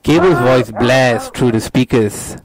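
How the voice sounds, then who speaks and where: A man's voice: mid-range voice, a little slow, a crowd in the background, poor audio. A man hosting a casual show, reading a screenplay's stage directions aloud. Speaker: host, script narrator.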